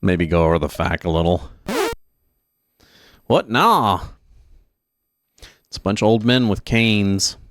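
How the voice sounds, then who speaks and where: A low-voiced man streaming a retro game, talking casually and wandering off into side chatter with plenty of ums and uhs. His nose sounds a little stuffed up from allergies, and his close mic sounds dry with no room around it. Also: fairly quick, few pauses, clean tone, no echo, faint music behind. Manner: rambling, chatty, many fillers and asides. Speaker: streamer and host. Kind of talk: casual let's-play commentary.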